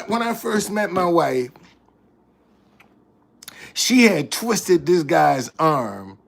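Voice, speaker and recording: Gravelly tour guy just chatting to camera, slow, keeps repeating himself. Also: sits high. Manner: repeats and restarts phrases, animated. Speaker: tour guide. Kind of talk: casual storytelling to camera.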